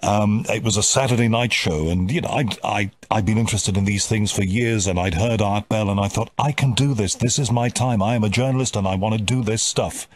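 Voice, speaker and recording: A man from the UK hosting an interview, often halting and repeating words as he starts sentences. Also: lowish voice. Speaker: host. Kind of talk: interview chat.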